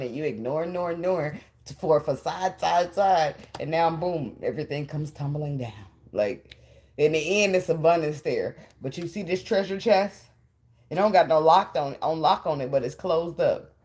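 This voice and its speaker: A woman's voice: low-pitched, a little mellow. A woman giving a casual tarot reading, blunt and profane, laughing often as she talks. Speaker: tarot reader.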